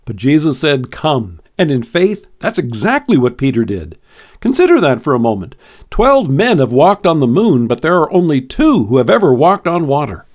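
A man reads a devotion in a scripted, even-paced delivery with a somewhat high voice. His pitch rises and falls widely as he leans into key words. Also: normal speed. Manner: expressive, varied emphasis. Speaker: devotional podcast host.

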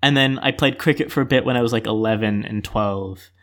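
A man's voice: fairly low pitch, brisk, a bit bright. Laid-back rambling man. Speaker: stand-in podcast co-host. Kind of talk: casual podcast chat.

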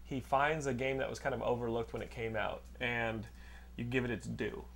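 A man's voice: mid-range voice, fairly even intonation, moderate pace, vocal fry, a bit bright, slight background noise. A young man hosting a casual podcast chat, telling rambling stories and teasing his guest with lots of laughter. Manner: rambling, teasing storyteller who laughs a lot. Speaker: podcast host.

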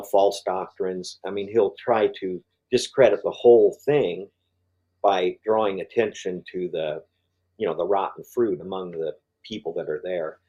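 An older male guest on a podcast speaks in a low, mellow voice, with the recording's highs cut off. He meanders through the story of his faith, restarting often and leaning on fillers.

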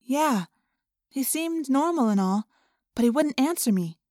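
A woman's voice: high-pitched, expressive, a little slow, a little mellow, dry recording, studio quality, voice pushed up. A woman voicing an earnest, worried teenage girl in an audiobook.

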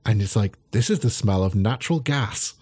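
A man's voice: fairly low pitch, lively intonation, moderate pace, a little mellow, slightly rough. Game master: man, rambling narration, lots of filler words.

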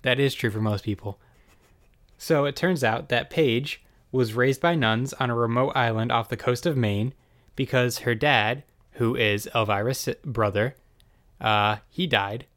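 Man, wry and chatty, mid-pitched voice, casual recap, quick asides. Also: fairly bright tone. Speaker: podcast host recapping a TV episode.

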